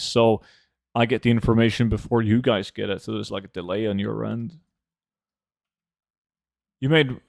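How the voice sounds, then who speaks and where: A man's voice: mid-range voice, vocal fry, darkish tone, no echo, clean studio sound. A young man from Norway chatting casually with friends while gaming, joking and swearing as he rambles. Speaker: streamer.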